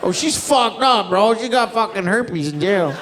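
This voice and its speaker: A man's voice: sits high, animated, unhurried. A man from Canada doing profane, brash stand-up comedy with crowd work on a club stage. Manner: brash, profane, shifts into mocking voices. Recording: live club recording with loud crowd and noise. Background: audience laughter and cheering.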